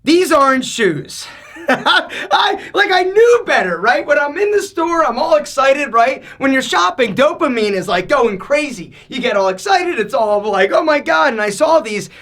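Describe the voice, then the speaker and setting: A man with a strikingly high, bright voice hosts a lifestyle vlog. His pitch swings widely as he talks, and he often raises his voice and acts out how he once reacted. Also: very animated, measured pace. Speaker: lifestyle channel host. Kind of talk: energetic straight-to-camera vlog talk.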